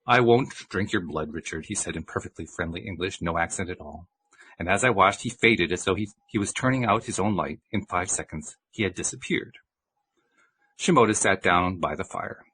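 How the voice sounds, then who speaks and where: A man's voice: deep voice, brisk, pushed and bright, breathy edge. A man who hosts a radio show, reading a book aloud and then chatting casually.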